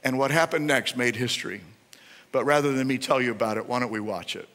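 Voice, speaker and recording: A male pastor preaching a sermon with animated, rising and falling emphasis. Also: medium pitch, fast talker, noisy background. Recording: reverberant hall.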